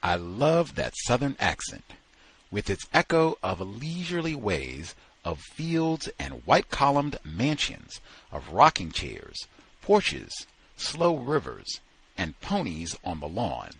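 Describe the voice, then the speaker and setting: Slow, expressive male book reader. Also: on the low side, vocal fry, slightly rough, poor audio. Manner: slow, dramatic, animated storytelling. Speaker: reader at a book study session. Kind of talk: reading a novel aloud.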